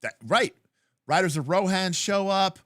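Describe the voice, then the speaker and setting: A man co-hosting a livestream, chatting casually about tabletop games, rambling with lots of fillers and acting out scenes in quick voices. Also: sits high, fairly bright tone, no echo, studio quality. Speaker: livestream co-host.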